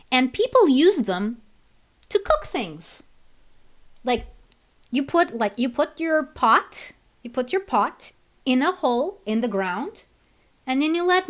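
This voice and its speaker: Slow-talking woman. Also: on the high side, animated. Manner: rambling, restarts often, laughs easily, switches to Portuguese. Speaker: streamer. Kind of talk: casual chat while worldbuilding.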